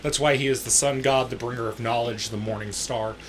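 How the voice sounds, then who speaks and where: A man's voice: medium pitch, steady tone, brisk, slight background noise. Crude, joking podcast host, a man. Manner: crude, joking, swears a lot. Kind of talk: casual chat.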